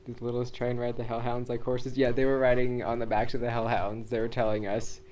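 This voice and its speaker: A man co-hosting a laid-back chat, drifting through his thoughts with lots of fillers. His voice sits at a middle pitch, with faint noise behind it. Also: fairly quick, poor audio. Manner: relaxed, rambling, uses "like" and "uh" a lot. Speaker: co-host. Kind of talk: casual chat.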